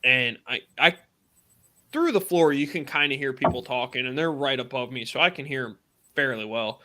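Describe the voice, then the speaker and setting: A laid-back man telling a trade story on a live stream, his voice bright and forward. He swears freely and slips into other people's voices as he tells it. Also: medium pitch, moderate pace. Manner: laid-back, profane, acts out quotes. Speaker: co-host and tradesman.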